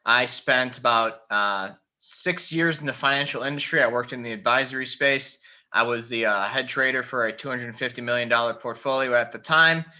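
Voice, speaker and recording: A man from Michigan hosts a live trading webinar over a video call. His voice is very bright and forward, with relaxed talk full of "uh" fillers. The call audio sounds dull and lo-fi. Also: mid-range voice, normal speed. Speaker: trading strategist and webinar presenter.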